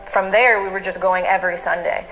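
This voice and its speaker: A woman's voice: mid-range voice, fairly even intonation, a little fast, fairly bright tone, soft background music, rough recording. A woman, a wife, recounting a family story conversationally in an interview.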